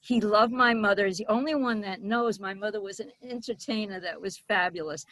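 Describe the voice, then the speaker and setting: An older woman doing stand-up comedy, telling stories about her family in a brash, deadpan way and slipping into exaggerated voices for the people she quotes. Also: medium pitch, a little fast. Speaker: stand-up comic. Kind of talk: stand-up storytelling.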